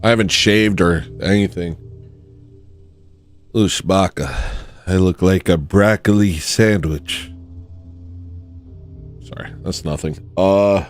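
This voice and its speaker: A man hosting a livestream, rambling through a comedic monologue and acting out shouting kids. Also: low-pitched, slow, long pauses, faint music behind. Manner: animated, jokey, often mimics shouting kids. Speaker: livestream host.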